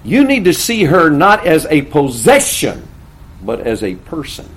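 Older male pastor, sermon delivery, folksy storyteller, slightly raised pitch, dynamic between loud emphasis and quiet asides. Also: huge pitch swings, unhurried, husky, rough recording.

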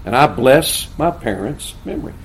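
A man's voice: medium pitch, animated, moderate pace, a little hiss or hum. An older man preaching a sermon to pastors, with earnest, folksy storytelling.

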